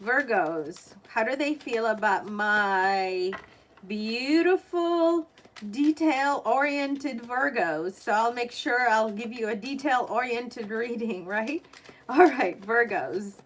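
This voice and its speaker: Woman, tarot reader, live stream, chatty, emotional, unhurried, a bit high. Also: fairly bright tone, a little hiss or hum.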